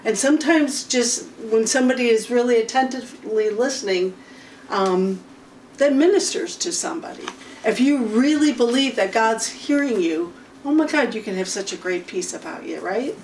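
A woman leading an informal Bible study, unhurried and often stopping to clear her throat. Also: fairly high pitch, expressive, a little mellow. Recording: faint room noise, from a distance.

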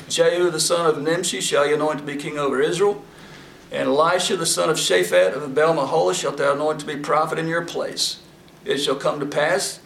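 A man's voice: on the high side, gravelly. A man giving a conversational Bible teaching, reading verses and retelling them in a folksy, casual way. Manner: folksy, paraphrases scripture in casual voices. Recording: echoey room, mic at a distance, faint background noise.

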